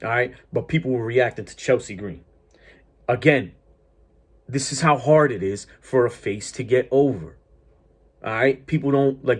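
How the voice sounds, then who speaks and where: A man's voice: medium pitch, darkish tone. A man of Greek heritage in a casual, heated wrestling rant, swearing a lot and stumbling over repeated words as he restarts his sentences. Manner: profane, heated, restarts often. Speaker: wrestling commentator vlogger. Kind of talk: casual ranting monologue.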